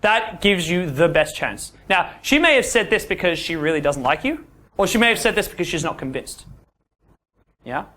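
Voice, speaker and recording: A man's voice: sits high, normal speed. A man, a dating coach giving a seminar talk to a class of men, who keeps checking in with his listeners. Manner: animated, acts out quoted dialogue, keeps checking in with "yeah?".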